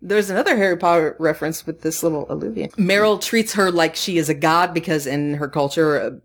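A woman's voice: low-pitched, brisk, background noise. A woman co-hosting a podcast in casual chat, teasing and laughing often. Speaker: podcast co-host. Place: recorded live.

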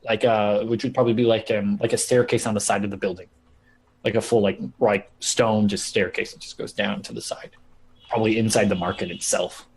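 A man's voice: fairly low pitch, level tone, a little fast, husky. A man running a tabletop game as game master, rambling casually with lots of "like" and filler. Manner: rambling, heavy use of "like", laughing asides.

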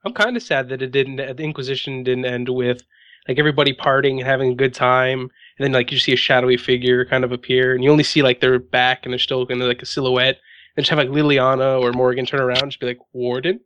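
A man's voice: mid-range voice, steady tone, quick pace, a bit bright, clear, resonant tone, no room sound, dull audio. A man talking as a guest on a casual podcast, laid-back and wry.

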